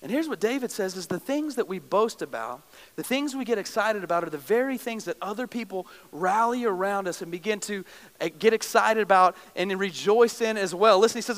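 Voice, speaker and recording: A man's voice: high voice, expressive, brisk, fairly bright tone. A young adult male pastor preaching a sermon, emotive and storytelling with self-deprecating humor. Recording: long reverb of a large hall.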